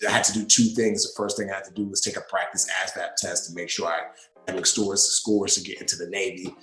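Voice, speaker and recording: A man from western Africa who grew up in New York, telling his story as a podcast guest in an animated way with many restarts. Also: sits low, brisk, roomy sound, faint music behind. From western Africa, raised in New York City. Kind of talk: storytelling in a casual interview.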